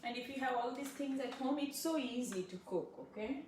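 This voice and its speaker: A woman's voice: high voice, brisk. Indian woman coaching in a kitchen. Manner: coaxing, checks understanding often. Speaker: Ayurvedic physician teaching cooking. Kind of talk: casual cooking lesson. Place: home kitchen. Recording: roomy kitchen with background noise.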